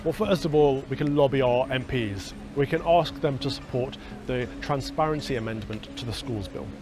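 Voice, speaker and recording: A man's voice: medium pitch, moderate pace. A man presenting a documentary in a scripted, earnest and persuasive way. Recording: music bed beneath the voice.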